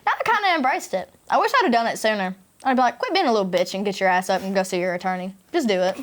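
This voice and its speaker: A woman's voice: mid-range voice, expressive, very fast. A young woman with a Tennessee Southern accent, hosting a casual chat with friends and telling crude, laughing stories. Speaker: podcast host.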